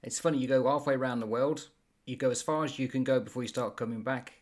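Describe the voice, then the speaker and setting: An older man from the UK co-hosts a relaxed conversation. His voice sits at an ordinary middle pitch, and he lets his sentences fade softly as he thinks back. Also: quick pace. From United Kingdom. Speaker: podcast co-host. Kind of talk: casual conversation.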